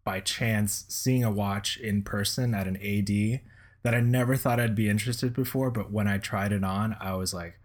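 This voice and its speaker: A man's voice: fairly low pitch, fairly even intonation, moderate pace. A man co-hosting a casual podcast chat as a watch reviewer, speaking hesitantly with many restarts.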